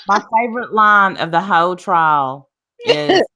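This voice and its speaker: Emphatic, lower-voiced woman panelist. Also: lively intonation, a little slow, bright, forceful tone. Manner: emphatic, talks over others with restarts. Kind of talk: casual panel chat.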